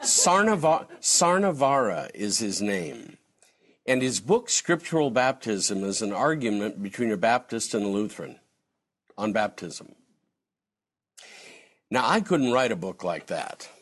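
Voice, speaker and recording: Male theology lecturer, lively up-and-down pitch, chatty and digressive, slips into acted quotes. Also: unhurried. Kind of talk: conversational lecture answering a question.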